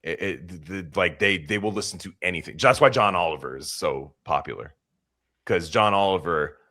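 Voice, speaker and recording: A man hosting a podcast in casual, crude banter, rambling and swearing, now and then mocking accents in a high put-on voice. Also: moderate pace, sharp tone. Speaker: podcast host.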